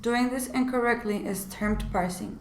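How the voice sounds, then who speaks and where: Student presenter, woman, slightly high voice, explanatory, roomy echo. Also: moderate pace, slight background noise. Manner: explanatory, refers to the textbook. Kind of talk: reading a scripted class presentation.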